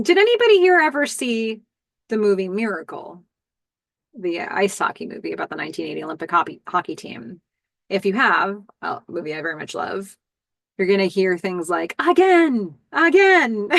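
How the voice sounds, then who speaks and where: A woman hosting a podcast, casually recapping a TV episode and musing aloud with fillers and quick laughs. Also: lowish voice, no echo. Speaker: podcast host.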